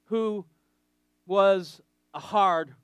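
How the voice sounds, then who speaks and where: A man's voice: sits high, drawn-out words, clean tone, no room sound, highs cut off. A man preaching a sermon in a conversational, joking way, often checking in with his listeners.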